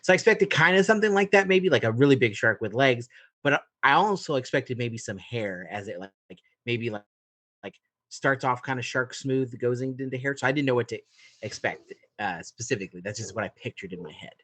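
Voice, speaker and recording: A man's voice: mid-range voice, fairly quick, a bit bright, no room sound. A man co-hosting a podcast who talks loosely about a comic, with lots of fillers and trailing phrases. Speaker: podcast co-host. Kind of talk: casual chat about a comic.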